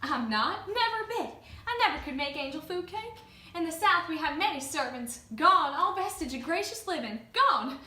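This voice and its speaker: A woman's voice: very high-pitched, animated, normal speed, sharp tone, full character voice. A woman playing a fussy, genteel, faded Southern mother who chatters on at length, in an amateur stage performance. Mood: gushing. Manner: gushing, talkative. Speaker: student performer. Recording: echoey room, distant mic.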